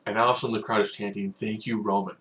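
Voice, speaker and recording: Male recap host, slightly low voice, loose chatty delivery, acts out quotes in loud bursts. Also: flat delivery, racing. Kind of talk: casual commentary recap.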